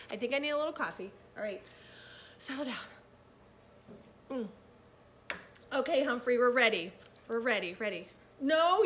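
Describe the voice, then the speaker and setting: A young woman with a high voice teaches children, reading aloud and going over vocabulary words. Her delivery is animated, encouraging, and sing-song.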